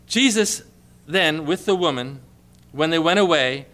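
A man preaching a sermon with passion, dropping to a hushed tone when quoting scripture. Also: on the high side, expressive, unhurried.

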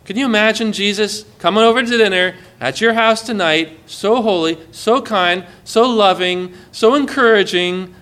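A man preaching a sermon in an earnest way, often dropping soft and low as he quotes. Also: normal speed, few pauses.

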